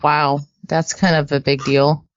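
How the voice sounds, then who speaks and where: A woman's voice: deep voice, flat delivery, measured pace, dry recording. A woman co-hosting a casual podcast, chatty and teasing, laughing easily. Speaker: podcast co-host. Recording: dull lo-fi podcast audio.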